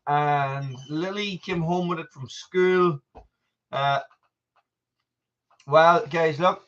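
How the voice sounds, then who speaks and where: A man's voice: a little high, fairly bright tone. An Irish man in middle age chats loosely on a live stream at home, cutting himself off and saying hello to viewers. He sounds a little out of breath. The audio comes through dull and muffled. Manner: rambling, self-interrupting, greeting viewers. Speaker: livestream host. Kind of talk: casual live chat. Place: family home.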